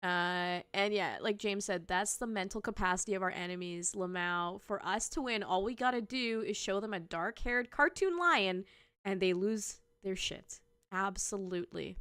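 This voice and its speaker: A woman's voice: medium pitch, moderate pace, a bit bright, smooth, no room sound. A woman hosting a gaming commentary show, reacting to clips in an exasperated, profanity-laced rant. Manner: exasperated, sweary ranting.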